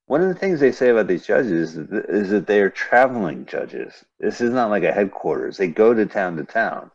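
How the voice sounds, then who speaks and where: A man's voice: on the low side, very animated, normal speed, lo-fi sound. A man co-hosting a casual comedy show, joking and slipping into silly voices. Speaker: podcast co-host. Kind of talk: casual comedic chat over a video.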